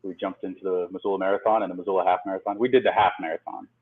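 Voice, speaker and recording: A man's voice: sits low, flat delivery, rapid-fire, breathy edge. A male co-host calling in to a live show, rambling through a casual story. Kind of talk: casual chat over a call. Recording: tinny phone-like line.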